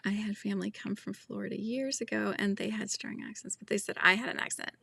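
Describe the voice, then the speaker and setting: A woman's voice: medium pitch, steady tone, fast, creaky, bright, forceful tone, slightly rough. A woman with a Californian accent hosting a casual livestream, chatting, giggling and reading viewer comments aloud. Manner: chatty, giggly, trails off mid-sentence. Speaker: crochet livestream host.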